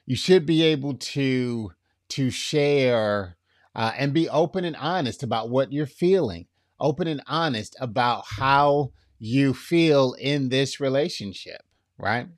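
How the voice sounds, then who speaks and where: Slow, dry-sounding male preacher. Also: medium pitch, no room sound. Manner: casual, checks in with "right?", acts out quotes. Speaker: preacher teaching on relationships. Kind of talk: conversational sermon.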